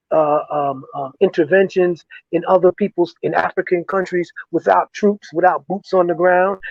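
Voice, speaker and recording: A man's voice: sits high, no room sound, dull audio. An older man giving an interview as a guest, talking emphatically with frequent restarts and "you see?" tag questions. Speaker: guest, veteran activist. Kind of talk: political interview talk. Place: lives in Ghana, remote interview.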